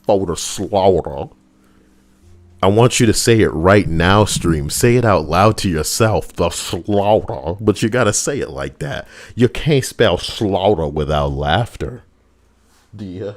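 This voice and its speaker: Lively, low-voiced male streamer riffing. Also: normal speed, few pauses. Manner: animated, profane, jokey asides. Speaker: streamer reading viewer stories. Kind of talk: livestream reading with comic riffing.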